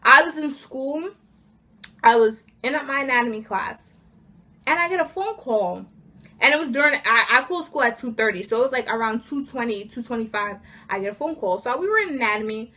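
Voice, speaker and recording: Animated, high-voiced teen girl ranting. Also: brisk. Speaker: student vlogger. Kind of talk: casual storytime vlog.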